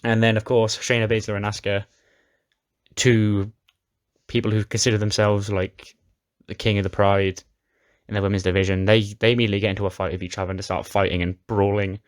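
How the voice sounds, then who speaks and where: A man with a fairly low voice narrates a wrestling sim playthrough in a chatty, offhand way. He trips over and restarts his sentences and slips in brief chuckles. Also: flat delivery, a little fast, clean tone. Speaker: game commentator. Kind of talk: casual recap of a wrestling sim game.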